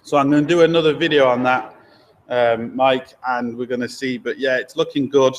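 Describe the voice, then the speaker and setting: A man with a steady, mid-range voice runs a relaxed live stream from his garage workshop. He rambles with fillers and quick asides and reads viewer comments, while a helper holds the laptop or camera mic.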